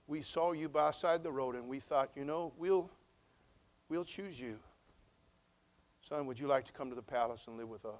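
A man voicing a kindly king in a sermon story, speaking gently and softly. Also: medium pitch, moderate pace, long pauses, lightly acted. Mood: gentle.

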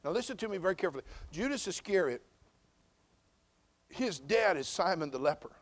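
A man's voice: high voice, big pitch swings, a little fast. A male pastor preaching a sermon, calling out emphatically with repeated rhetorical questions to the congregation. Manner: quiet storytelling in parts.

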